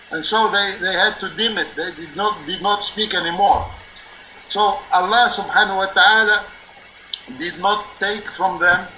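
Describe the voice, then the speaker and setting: Guy hosting a live talk stream, high voice, super bright and sharp, keeps going "okay?" as he explains, real earnest. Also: slight background noise, low-quality recording. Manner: earnest, insistent explaining with frequent "uh" and "okay?" check-ins. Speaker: live-stream show host. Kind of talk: live religious talk show, explaining to callers. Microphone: live stream or call-in line.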